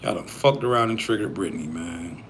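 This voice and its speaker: A man's voice: deep voice, brisk, a little hiss or hum. A man hosting a livestream, talking casually and profanely to his chat in heavy slang. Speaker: livestream host.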